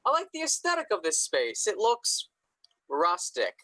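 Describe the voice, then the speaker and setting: An actor playing a rebellious young adult in an amateur comedy sketch, with a sarcastic deadpan. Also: mid-range voice, moderate pace, dry recording. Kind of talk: amateur comedy sketch over video call.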